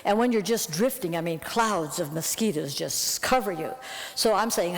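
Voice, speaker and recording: A woman missionary telling a lively story to an audience, her voice jumping up when she recounts her anger. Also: on the low side, moderate pace, big-room sound. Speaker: missionary Bible translator.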